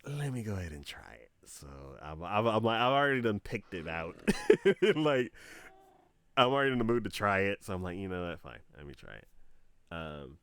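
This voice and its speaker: Lively low-voiced male streamer. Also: moderate pace, clean tone, no echo. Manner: animated storytelling, acting out both sides of conversations; frequent laughs and filler words. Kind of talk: casual chat while live-streaming a game.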